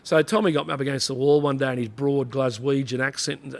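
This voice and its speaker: Rambling Australian ex-cop telling stories. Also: male voice, medium pitch, steady tone, quick pace, creaky, slight background noise. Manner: blokey, rambling anecdotes with frequent "you know". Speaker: interview guest, former police officer. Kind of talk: casual storytelling interview.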